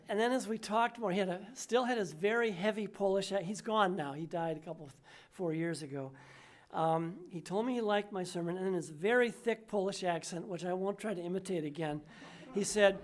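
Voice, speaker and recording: An older woman minister delivering a sermon, measured and emphatic, slowing down on key words. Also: mid-range voice.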